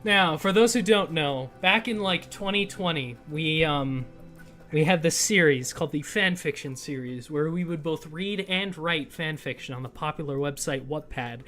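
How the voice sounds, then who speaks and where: A man's voice: fairly high pitch, normal speed, pushed and bright, soft background music. A young man hosting a casual livestream, wry and laughing often, swearing casually. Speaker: streamer host.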